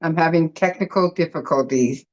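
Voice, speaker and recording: A woman's voice: normal speed, darkish tone. A woman from Canada, giving an emotional, effusive thank-you speech to an online group over her phone, with many fillers and restarts. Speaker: webinar panelist. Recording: muffled low-fidelity phone audio.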